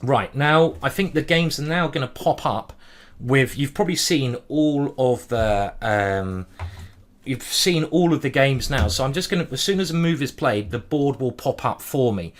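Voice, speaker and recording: Man, chess streamer, live commentary, hurried, thinking aloud, humming while pondering, mid pitch. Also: expressive. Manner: hurried, juggling many boards. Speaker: chess streamer playing a simultaneous display.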